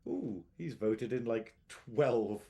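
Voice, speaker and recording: A man, co-hosting a podcast in casual chat, teasing with quick banter and frequent laughs. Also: medium pitch, big pitch swings, gravelly, mellow. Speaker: podcast co-host.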